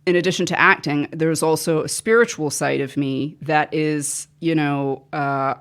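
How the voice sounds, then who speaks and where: A woman's voice: low voice, moderate pace, smooth. A woman being interviewed on a podcast, an actor who rambles and drifts off track in casual chat. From the islands, came to America at seven.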